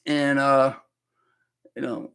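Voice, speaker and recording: A man's voice: medium pitch, little pitch movement, slow, sharp tone, clear, resonant tone. Ranting man hosting live market talk. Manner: ranting, blunt, with many repeated words and restarts; addresses viewers as "people". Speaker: financial commentary host. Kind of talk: live solo market commentary.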